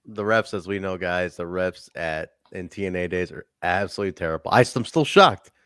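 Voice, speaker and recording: A man hosting a casual podcast chat, animated and laughing often. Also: low-pitched, a little fast, smooth, no room sound, studio quality. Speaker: podcast host.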